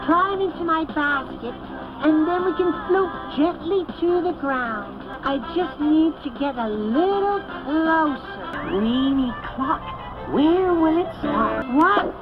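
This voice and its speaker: A woman voicing an adventurous young child in a children's TV puppet show, excited and breathless. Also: high voice, takes it slowly. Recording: tinny phone-like sound with music.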